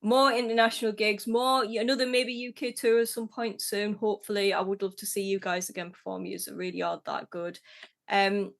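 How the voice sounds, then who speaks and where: A woman's voice: medium pitch, flat delivery, a little fast, gravelly. Chatty, laughing female podcast host. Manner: chatty, laughs often, tells stories with quoted voices. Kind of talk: casual interview chat.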